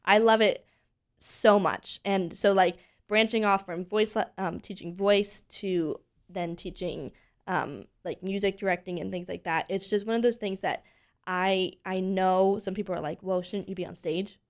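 A woman in her twenties, a voice teacher from Pennsylvania, chatting as an interview guest and telling animated stories full of fillers. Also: mid-range voice, measured pace. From Pennsylvania, USA. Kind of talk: casual interview chat.

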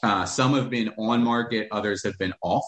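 A man's voice: lowish voice, normal speed, a bit bright, reverberant. A man who is a real estate investor, talking bluntly with profanity as a podcast guest. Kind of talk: podcast interview.

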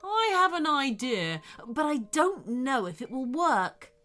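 Woman voicing Kai, a gentle clever owl. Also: high-pitched, big pitch swings, slow, soft background music, exaggerated voice. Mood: earnest. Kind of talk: storybook reading.

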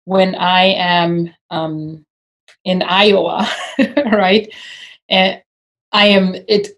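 Guest: African-accented woman, low-leaning voice, reflective and unhurried. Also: level tone. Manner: thoughtful, hesitant with fillers and laughs. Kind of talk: casual conversation.

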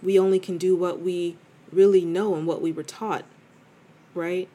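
A woman's voice: lowish voice, steady tone, moderate pace, mellow, a little hiss or hum. A woman hosting a podcast, talking candidly and reflectively in a chatty way, with many fillers and restarts. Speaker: podcast host. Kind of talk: casual reflective monologue.

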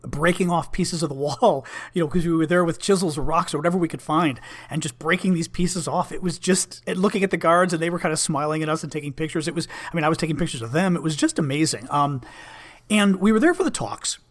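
Brief: blunt, conversational man in his fifties, slightly higher-pitched voice, storytelling to camera. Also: quick pace. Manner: candid, conversational, with fillers and restarts, blunt language. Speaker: vlogger, former Senate staffer. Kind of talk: casual storytelling monologue.

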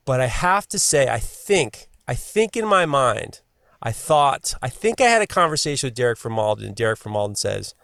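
Lively, animated male podcast host. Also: medium pitch, a little fast, dry recording, clean studio sound. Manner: animated storyteller, swears freely. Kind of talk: casual podcast chat.

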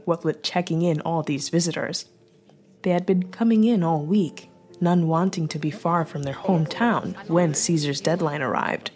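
Low-voiced woman narrating a story. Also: a little mellow. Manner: measured storytelling. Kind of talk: audiobook narration. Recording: faint music bed.

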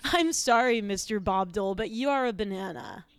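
A woman's voice: medium pitch, normal speed, very noisy, close to an everyday voice. A woman playing an awkward teenage girl who hosts a comedy talk podcast, self-conscious and trailing off into asides.

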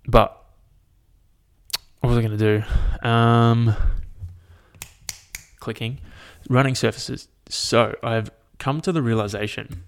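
A young man, chatting casually to his audience in a rambling, sweary rant. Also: on the low side. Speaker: vlogger. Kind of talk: casual chat. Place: at home, at a laptop.

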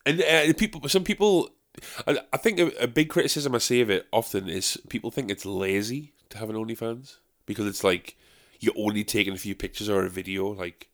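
Man, young, podcast host, sweary, jokey, rambling, lowish voice. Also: fairly quick, few pauses, fairly bright tone. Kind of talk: casual podcast chat.

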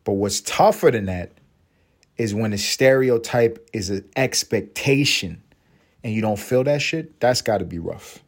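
Man, podcast host, comedic monologue, very expressive pitch, crude, rambling. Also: moderate pace. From Puerto Rico. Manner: crude, rambling, animated, slips into mocking voices and laughs.

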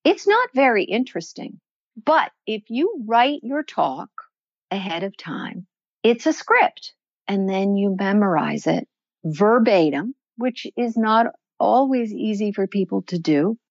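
A woman answering interview questions as a voice and performance coach, explaining in a measured, instructive way. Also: medium pitch, sing-song, dry recording, lo-fi sound. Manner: measured, instructive, slows to stress points.

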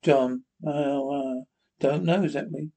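A man's voice: a little high, steady tone, slow, gravelly, warm tone, exaggerated voice. A man reading the part of a nervous, secretive husband who keeps repeating himself anxiously. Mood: tense.

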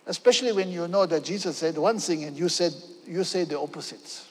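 Man, preacher, sermon, emphatic, fairly high voice, long reverb. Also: fairly quick, darkish tone, husky. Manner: emphatic, often checks in with "okay?".

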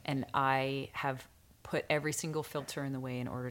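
A woman's voice: a bass voice, flat delivery, normal speed, slight background noise. A woman hosting a spiritual podcast in casual chat, earnest and emotional, laughing often. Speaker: podcast host.

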